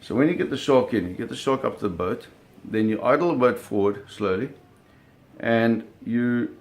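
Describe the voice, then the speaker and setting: In a medium-pitched voice at normal speed, a man casually recalls his shark-hunting experiences. His vivid anecdote includes acted-out sounds along with frequent self-corrections and repeated words.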